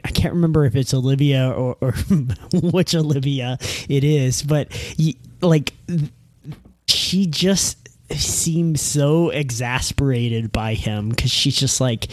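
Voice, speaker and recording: A man's voice: mid-range voice, no echo. A man talking casually about a film on a podcast, rambling with many restarts and hedges.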